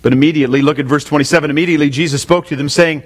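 A man's voice: on the high side, fairly even intonation, very fast. A man preaching an expository sermon. He often asks his listeners questions and repeats his main points. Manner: asks the congregation questions, repeats key lines. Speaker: pastor. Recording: long hall reverb.

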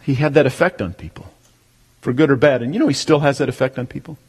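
A man preaching a sermon as pastor, emphatic, swelling to near-shouts on key words. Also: medium pitch, fast talker, breathy edge, big-room sound.

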